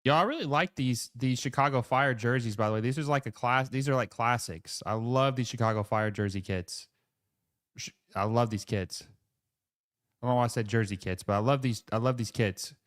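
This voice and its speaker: A man hosts a live football watch-along, calling each pass in quick, excited bursts before easing into friendly chat and reading viewer messages. His mid-range voice is smooth and clear, recorded close and dry on the mic with no room sound.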